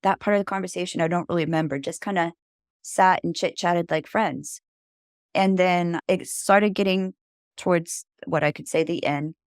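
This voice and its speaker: Low-voiced woman telling a rambling story. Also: steady tone, normal speed, no echo, clean studio sound. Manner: rambling, filled with "like" and "you know". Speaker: podcast guest. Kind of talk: casual storytelling interview.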